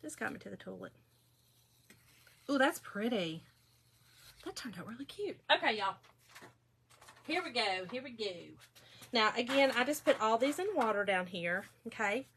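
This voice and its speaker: Bright-voiced chatty woman crafter. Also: on the high side, animated, normal speed, pauses often, slight background noise. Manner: chatty, gossipy storytelling, addresses viewers. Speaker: craft video host. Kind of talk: casual chat while crafting.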